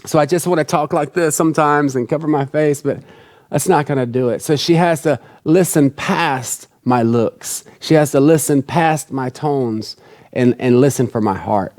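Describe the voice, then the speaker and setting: A man's voice: medium pitch, normal speed, a little mellow. A man preaching a sermon in an earnest, conversational way, repeating key phrases for emphasis. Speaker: pastor.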